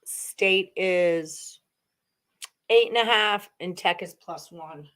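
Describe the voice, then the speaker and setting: A woman's voice: lowish voice, slow, a bit bright. A woman hosting a live sports betting stream, chatting casually and thinking aloud to her viewers as she goes through picks. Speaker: sports betting show host.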